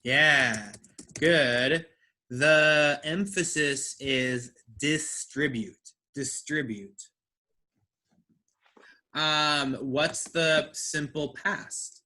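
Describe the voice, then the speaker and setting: A man's voice: a little high, fairly even intonation, very slow, pushed and bright. A man teaching an English class, who checks understanding with frequent "right?" and repeats words to drill their stress.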